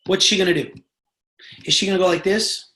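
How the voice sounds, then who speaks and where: A sales trainer coaching a team over a live video call, pressing each point hard and checking in again and again. The voice sits in a middle pitch. The audio rings with room echo. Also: fairly quick, a bit bright. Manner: emphatic, repeatedly checks in with the audience.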